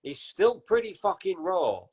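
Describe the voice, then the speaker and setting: A man's voice: sits high, big pitch swings, unhurried, a loud crowd, poor audio. A man hosting a podcast in casual chat, with wry, sarcastic asides and frequent swearing. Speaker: podcast host.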